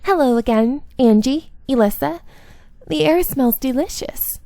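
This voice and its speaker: A woman putting on a strange, high lady sleuth. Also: measured pace, warm tone, no room sound. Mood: cool. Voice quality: oddly pitched, strange put-on voice. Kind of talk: reading a visual novel aloud.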